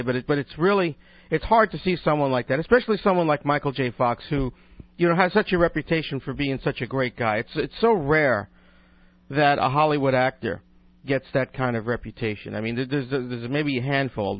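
A man's voice: medium pitch, no room sound, muffled recording. A man hosting his own talk radio show, chatting in a rambling, opinionated way with lots of restarts. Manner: rambling, with many restarts and asides. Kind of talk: casual talk radio monologue.

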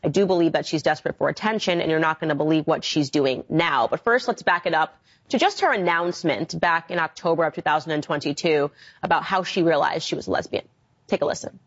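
A woman with a husky voice speaking emphatically in an online commentary video. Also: deep voice, fast, lo-fi sound.

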